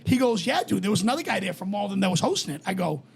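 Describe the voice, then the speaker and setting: A man tells animated, profane stories in a high, gravelly, husky voice. He talks loosely, like a regular on the show. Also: rapid-fire. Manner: animated storyteller, swears freely. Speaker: podcast co-host. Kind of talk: casual chat.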